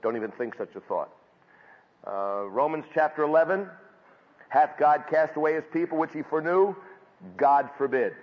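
A man preaching a sermon from scripture, building up to loud emphatic peaks and then dropping back low. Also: moderate pace. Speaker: pastor. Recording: dull audio with long hall reverb.

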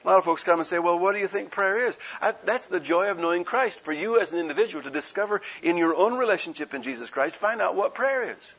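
Folksy high-voiced preacher, husky. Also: male voice, animated, fast talker, few pauses, a bit bright. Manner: folksy, conversational, rhetorical questions, acts out quotes. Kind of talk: sermon. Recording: dull lo-fi recording.

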